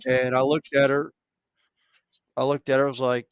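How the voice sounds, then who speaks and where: A man's voice: mid-range voice, normal speed, pauses often, clear, resonant tone, no room sound, studio quality. Man with a Southern American accent. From southern United States. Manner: storytelling, animated anecdotes. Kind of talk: casual chat.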